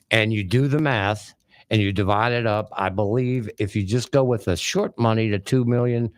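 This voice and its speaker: A man's voice: fairly low pitch, no echo. A man hosting talk radio, delivering a rambling, folksy and opinionated monologue in a blunt manner. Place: small radio studio. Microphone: studio microphone.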